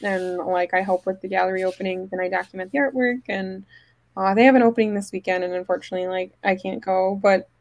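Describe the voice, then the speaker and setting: A woman co-hosting a casual chat, talking in a halting way full of "like" and "um". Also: mid-range voice, fairly even intonation, dry recording, poor audio. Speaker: co-host, photographer.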